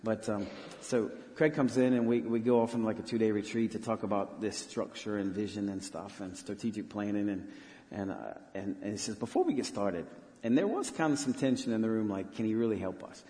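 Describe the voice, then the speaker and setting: A man serving as a missionary pastor, telling a story in an earnest, halting way with many restarts during a church interview. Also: lowish voice, fairly even intonation, mellow. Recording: long hall reverb.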